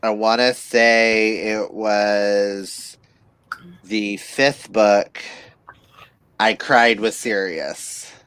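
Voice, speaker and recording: Slow-talking man host, dry sound. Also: fairly low pitch, fairly even intonation, fairly bright tone, smooth, dry recording. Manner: chatty, tells stories with acted-out quotes. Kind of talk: casual chat.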